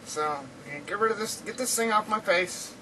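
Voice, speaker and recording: Bright-toned woman vlogging from home. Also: medium pitch, normal speed, recorded from a distance, a little hiss or hum, poor audio. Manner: chatty, rambling, laughs often. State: dry, sore throat. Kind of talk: casual video diary. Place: indoors at home.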